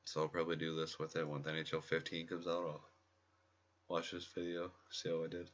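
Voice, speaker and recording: A man giving quiet, rambling casual commentary at home during a game pack opening, often restarting his sentences. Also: rumbling low, completely flat delivery, fairly quick, lo-fi sound, a little hiss or hum. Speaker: gaming video creator. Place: home room at night next to a laptop. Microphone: laptop mic close by.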